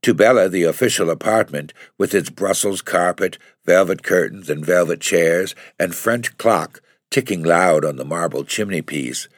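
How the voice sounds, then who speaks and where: A man narrating a classic novel as an audiobook in a measured, even storytelling voice. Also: low voice, dry recording, clean studio sound. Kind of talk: scripted narration.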